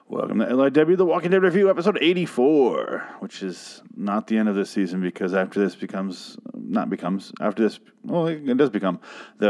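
Male podcast host, lowish voice, loose profane rambling review chat. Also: a little mellow. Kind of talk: casual solo review chat.

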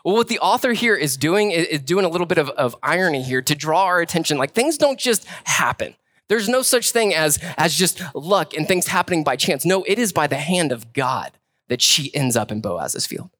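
Pastor guy chatting through a sermon, kinda high voice, super dry mic. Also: very animated, normal speed, a bit bright, dry recording. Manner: conversational, casual.

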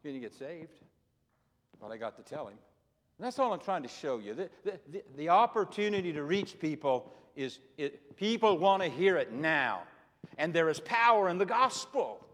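A man's voice: high-pitched, expressive, normal speed, fairly bright tone. A retired pastor in his sixties preaching a sermon, telling personal stories in an earnest way and often repeating his words. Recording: long reverb of a large hall.

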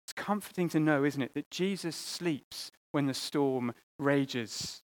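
A man delivers a sermon with a voice pitched a little high. He talks earnestly, restarting phrases and repeating words, and moves between raised, emphatic appeals and soft, hushed asides. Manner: earnest, with pauses and repeated words, rising and falling between loud and quiet. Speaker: preacher.

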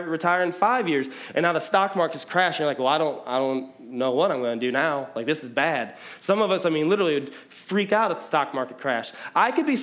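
A married man preaching a sermon to a congregation in a conversational, self-mocking way, with sudden bursts of emphasis. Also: fairly high pitch. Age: adult, married with children.

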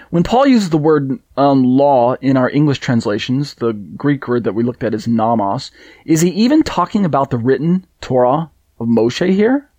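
A man's voice: medium pitch, darkish tone, no room sound. A man teaching a Bible study lesson, explaining verses with rhetorical questions and frequent restarts. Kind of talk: recorded Bible study lecture.

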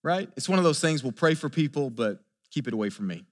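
A man's voice: medium pitch, expressive, quick pace. A pastor preaching a sermon. He talks earnestly, keeps asking rhetorical questions and stumbles over repeated words as he builds each point. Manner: asks the listeners rhetorical questions.

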